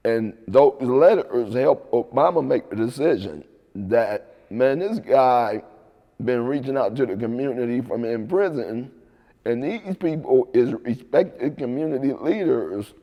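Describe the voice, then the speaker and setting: A man sits for an interview and tells his story in a loose, easygoing way, dropping "right?" and "man" between phrases. His voice sits at an ordinary pitch for a man. The room carries a long reverb tail. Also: animated, a little slow, dull audio. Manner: laid-back, repeats "right?" and "man". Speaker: interview guest.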